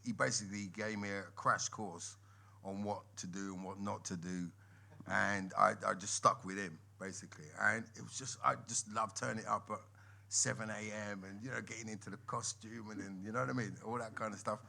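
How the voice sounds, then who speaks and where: A man as a guest on a live podcast, telling lively stories and laughing often. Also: on the low side, brisk, creaky. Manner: animated storyteller, laughs often, lively swings in loudness. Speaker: guest musician and actor. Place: members' club room with a live audience.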